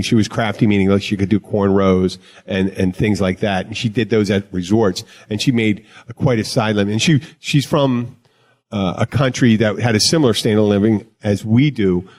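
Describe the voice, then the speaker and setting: A man with a lowish voice and darkish tone hosts a casual podcast chat. He's a bartender who rambles, jokes around and often interrupts himself.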